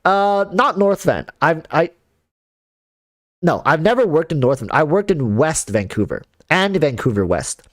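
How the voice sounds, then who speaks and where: Animated rambling male streamer. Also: fairly high pitch, a little slow, no echo, clean studio sound. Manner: rambling, animated, many fillers and restarts. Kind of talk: casual livestream chat.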